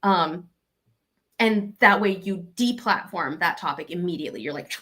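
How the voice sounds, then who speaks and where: Woman, Southern accent, fairly low voice, lively storytelling tone, acts out conversations. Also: moderate pace. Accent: Southern American. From Arkansas, USA. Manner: animated, acts out quoted exchanges. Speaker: comedian giving advice. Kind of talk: casual conversational advice.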